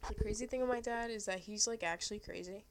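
Fast-talking young woman, casual podcast chat. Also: mid-range voice. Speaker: podcast co-host.

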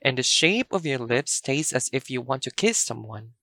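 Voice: mid-range voice, animated, moderate pace, sharp tone, no room sound. A language teacher giving a pronunciation lesson, explaining carefully and drawing out the sample words.

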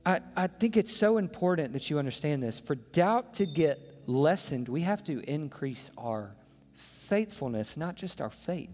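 A man's voice: on the high side, expressive, measured pace, a little mellow. Impassioned male pastor preaching in a hall. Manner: impassioned, rhetorical questions to the congregation. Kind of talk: sermon. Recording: long hall reverb with faint music.

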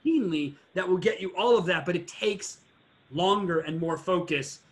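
A man's voice: high voice, normal speed. A man who used to run a car dealership, chatting on a podcast and acting out customers as he tells stories. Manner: animated storyteller, acts out customers, swears. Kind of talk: casual podcast chat.

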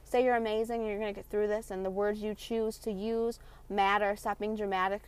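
A woman's voice: medium pitch, flat delivery, brisk, clear, resonant tone. A young woman hosting her own podcast, delivering a passionate, sarcastic, profanity-laced rant. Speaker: podcast host. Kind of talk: ranting monologue.

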